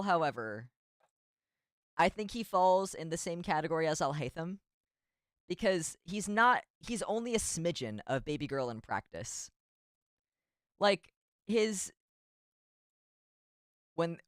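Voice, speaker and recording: A man's voice: high-pitched, expressive, unhurried, pauses often, clear, resonant tone, no room sound, clean studio sound. A man streaming as a VTuber in casual chat, rambling and giggly with self-deprecating asides.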